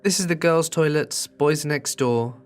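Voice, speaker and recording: Man voicing a young woman, raised pitch, carefree, firm when needed. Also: a little slow, faint music behind, natural voice. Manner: carefree, then firm and stern.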